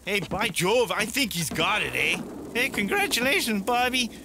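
Folksy canadian camper guy, high lively voice, cartoon, noisy background. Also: normal speed. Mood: friendly. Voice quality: drawling folksy, tacks on "eh" everywhere. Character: jolly Canadian camper man, chatty backwoods brother.

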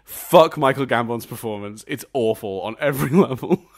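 A man's voice: mid-range voice, moderate pace. A man co-hosting a podcast, ranting and swearing in a casual film review chat and laughing often as he talks. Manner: animated, swearing ranter; laughs often mid-sentence. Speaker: podcast co-host.

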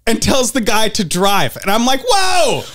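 A man's voice: extremely high pitch, big pitch swings, measured pace, fairly bright tone. A man co-hosting a podcast, telling a profane story in casual chat and acting out his friends' lines. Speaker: podcast co-host.

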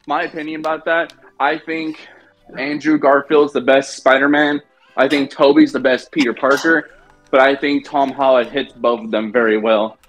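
A man's voice: mid-range voice, little pitch movement, moderate pace, a bit bright, soft background music. A man chatting bluntly with friends during a game stream, giving strong opinions and swearing. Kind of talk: casual group chat.

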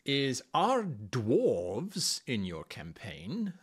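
Bright, lively male stream host. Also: a little high, unhurried. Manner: chatty, animated, swings between loud and quiet. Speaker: livestream host. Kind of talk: casual live-stream chat.

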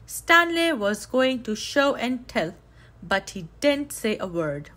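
Woman, storybook reader, high and bright, unhurried, very expressive. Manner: lively, voices characters' lines with raised excitement. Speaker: children's book reader. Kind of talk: read-aloud storytelling.

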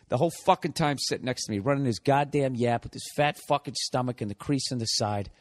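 A man hosting a podcast, telling a story in a profane, animated comedic rant. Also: fairly high pitch, fast, hardly any pauses. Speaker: podcast host.

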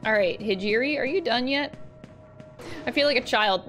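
A young woman streaming a game with a bright, fairly high voice, excitable and sweary as she chats through play. Faint game music plays behind her. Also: moderate pace, pauses often. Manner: excitable and sweary, laughing often and switching between voices. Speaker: gaming streamer. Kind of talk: casual gameplay commentary.

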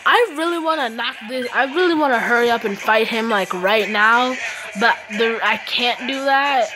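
Pitched on the high side and moving at a normal speed, her sharp voice plays over faint background music. She's a mobile gamer recorded through a phone screen recorder, giving casual commentary and playfully mocking the players she's up against.

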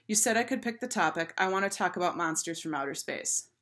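A woman's voice: fairly low pitch, lively intonation, quick pace, a bit bright. A woman reading aloud and voicing a defiant, stubborn schoolboy who insists and sulks. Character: troubled defiant fifth-grade boy, stubborn.

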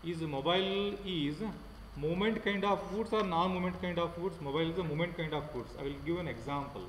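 A man with an Indian English accent teaches an online class. He talks haltingly, fills pauses with many fillers and repeats his points. His fairly high voice rings in an echoey room with a long tail. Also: a little hiss or hum. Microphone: computer mic without headphone.

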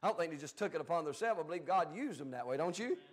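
A pastor preaching a Bible study sermon in a folksy, plain-spoken way, swinging between loud emphatic bursts and quiet asides. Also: male voice, on the high side, expressive, very fast, breathy edge.

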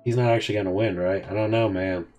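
A fast-talking man with a low, warm voice and a steady tone hosts a game video, with faint music behind him. He casually reads out a chat of text messages between characters, taking both sides in an offhand way.

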